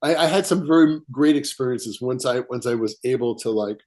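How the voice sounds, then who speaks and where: A man, a writer, telling a personal story as a podcast guest, animated and chuckling as he acts out quotes. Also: mid-range voice, a little fast. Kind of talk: casual storytelling interview.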